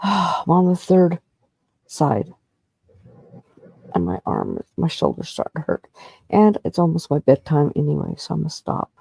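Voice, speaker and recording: A man's voice: on the high side, huge pitch swings, unhurried, gravelly, long pauses, warm tone, husky, dry recording. A man co-hosting a casual chat, talking in a chatty way with fillers. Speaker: livestream co-host.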